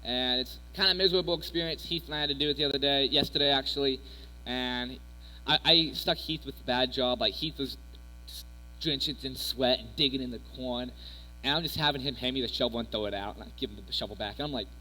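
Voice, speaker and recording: This young man's medium-pitched voice is quick and sharp as he gives a youth sermon. He speaks casually and ramblingly, leaning on fillers and personal stories. The sound is echoey, recorded in a hall with mains hum.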